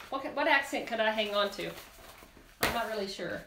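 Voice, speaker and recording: A woman's voice: a little high, animated, normal speed, fairly bright tone, roomy sound, slight background noise. A woman hosting a live cooking demonstration, chatty and bubbly as she talks straight to her viewers in a kitchen. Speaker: cooking show host.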